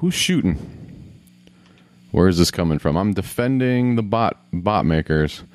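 Man, very deep voice, gameplay commentary, swearing, talks to himself, dry recording. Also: expressive, unhurried, a little mellow, dry recording. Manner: grumbling, swearing, talking to himself. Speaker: gamer.

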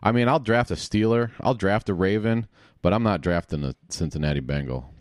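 A man's voice: on the low side, a little fast, no room sound, clean studio sound. A man hosting a podcast, chatting casually and joking with his guest. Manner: jokey, chatty. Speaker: podcast host.

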